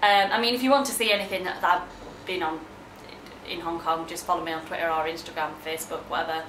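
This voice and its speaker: A woman's voice: lowish voice, steady tone, fast talker, noisy background. A young woman from England, chatting casually to camera as a vlogger, bubbly and full of exclamations. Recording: roomy echo.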